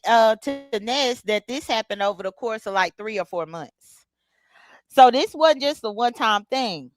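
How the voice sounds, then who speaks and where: Woman livestream host, blunt and chatty, aave, kinda high voice. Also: a bit bright, no room sound. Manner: blunt, chatty, greets chat viewers by name. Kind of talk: casual live commentary.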